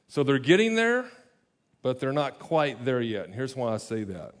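A man's voice: medium pitch, very animated, moderate pace. A man preaching a conversational sermon as pastor, explaining verses with casual asides and self-corrections.

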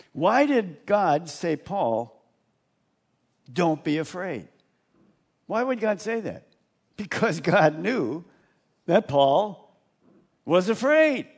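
Male pastor, animated sermon delivery, lively swooping pitch, pitched a bit high. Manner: animated, chuckling, acts out quotes.

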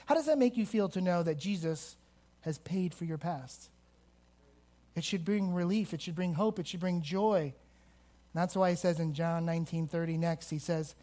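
A man preaching a sermon to a congregation, swinging between emphatic rises and slow, quiet stresses. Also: on the high side, steady tone. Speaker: pastor. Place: church hall with a congregation.

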